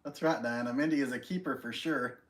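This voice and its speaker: A man's voice: medium pitch, fairly quick. Friendly man hosting a casual live stream. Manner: friendly, greets viewers by name, self-deprecating. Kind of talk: casual chat reading viewer comments.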